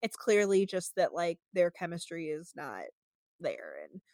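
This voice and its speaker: A young woman hosts a podcast, recapping episodes in casual, rambling chat full of fillers and sometimes slipping into mocking voices. Her lowish voice is sing-song, a little slow, and a little mellow. The studio-quality recording has no room sound.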